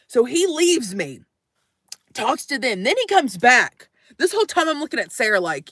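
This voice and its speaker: A woman telling a story to her live audience in a casual, animated way, swearing and acting out the voices in it. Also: high-pitched, unhurried, long pauses, no room sound, studio quality.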